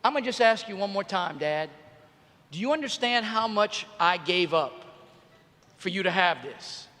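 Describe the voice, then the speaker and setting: A man's voice: sits high, animated, moderate pace, pushed and bright, voice pushed down. A man voicing his exasperated teenage daughter, who pleads with and then sternly lectures her dad. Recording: reverberant arena hall.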